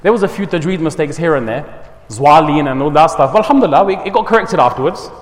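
A man teaching at a madrasa gives a community talk, mixing in Urdu and Arabic words and telling stories with lively energy. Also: fairly high pitch, quick pace. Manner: mixes English with Urdu and Arabic words, animated storytelling. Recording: long hall reverb.

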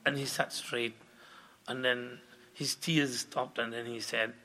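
A man preaching a sermon, telling a dream story, reciting Arabic verses and translating them. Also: moderate pace. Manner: rises louder and higher when giving the quoted voice.

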